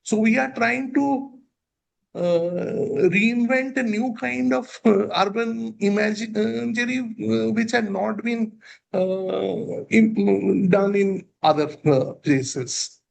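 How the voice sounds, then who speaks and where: A man with an Indian English accent, speaking as a professor on a webinar panel, halting with many fillers and restarts. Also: high voice, creaky.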